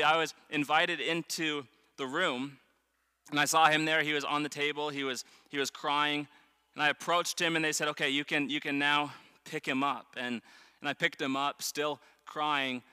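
A man's voice: on the high side, sharp tone, clear, resonant tone. A young man preaching a sermon as a pastor, earnest and emphatic, often restarting phrases as he tells stories. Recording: long reverb of a large hall.

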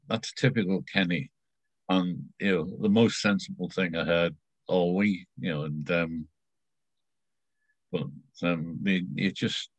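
A middle-aged man telling stories casually, rambling and halting with many fillers and restarts. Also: deep voice, dry recording, dull audio. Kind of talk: casual storytelling.

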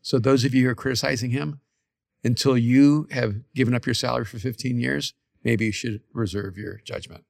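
A man's voice: mid-range voice, fairly even intonation, fairly quick, creaky, darkish tone, dry recording, clean studio sound. A man, a pastor, talking earnestly and reflectively in a casual podcast conversation, recorded in a church's main room. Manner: earnest, reflective, stammers on restarts.

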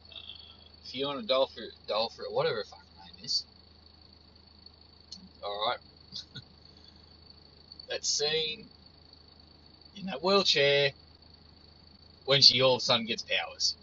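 A man's voice: medium pitch, lively intonation, slow pace, pauses often, bright, forceful tone, highs cut off, a little hiss or hum. A man ranting casually as a frustrated horror fan, swearing often and repeating his points. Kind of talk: casual profane rant.

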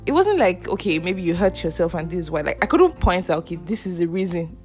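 A woman's voice: fairly low pitch, expressive, a little fast, faint music behind. Chatty young woman podcaster. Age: 20s. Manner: chatty, laughs often, acts out quoted voices. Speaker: podcast host. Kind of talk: casual storytelling monologue.

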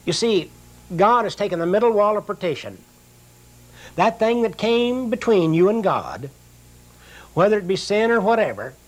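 Slow earnest older preacher, fairly high voice. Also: male voice. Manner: slow, drawn-out reading of scripture, earnest plain-spoken preaching. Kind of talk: sermon with scripture reading.

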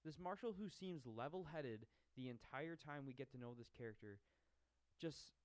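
A young man talks through a horror film scene by scene, swearing casually as he goes. His voice is smooth and clear, and it sits at a middle pitch. The sound is dry and close, with no room echo. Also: brisk. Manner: profane, animated retelling with shouted mock quotes. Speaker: podcast co-host. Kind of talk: casual movie recap chat.

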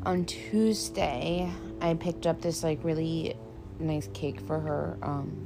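A young woman with a fairly low voice, chatting loosely as a podcast co-host. She rambles, laughs a lot and swears without a second thought. Faint music plays behind her. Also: steady tone, slow, vocal fry. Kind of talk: casual chat.

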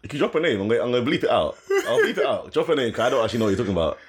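Young man, very lively swooping voice, teasing, asks questions. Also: medium pitch, racing. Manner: teasing, quizzing questions, laughing. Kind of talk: casual chat.

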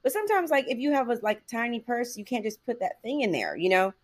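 A woman's voice: on the high side, very animated, fast. A middle-aged woman hosting a podcast, chatting casually with many "like"s and "you know"s and laughing often. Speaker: podcast host. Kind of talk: casual chat.

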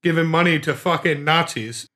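A man's voice: on the high side, sharp tone. A man co-hosting a casual podcast chat, swearing freely and laughing often. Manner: profane, laughing, quick reactions.

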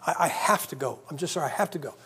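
A man's voice: fairly high pitch, expressive, bright, forceful tone, breathy edge, full character voice. A man preaching, voicing a stranded traveler who apologizes in a hurry and later tells how grateful he is. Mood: apologetic. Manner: hurried, apologetic.

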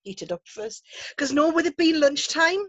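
A woman's voice: high-pitched, animated, moderate pace, no room sound, dull audio. Chatty woman hosting, dry sound. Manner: chatty, laughs often, eats while talking. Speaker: podcast host. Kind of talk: casual chat.

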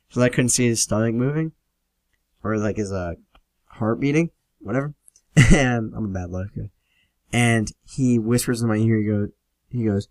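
Young male podcast host, mid-pitched voice, loose swearing storyteller, dry close sound. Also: dry recording. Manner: rambling, profane and laid-back. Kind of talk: casual solo storytelling.

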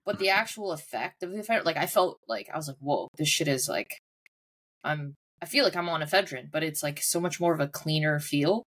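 A woman co-hosting a podcast, chatting in a casual, storytelling way. She laughs often as she talks, and her voice sits a little low for a woman. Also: expressive, a little fast, fairly bright tone, slightly rough. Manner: laughs often while telling stories. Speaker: podcast co-host. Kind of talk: casual chat.

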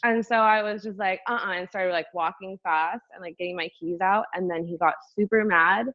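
A woman telling a personal story in casual talk, animated, full of "like" fillers and swearing. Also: fairly low pitch, moderate pace, dry recording, muffled recording.

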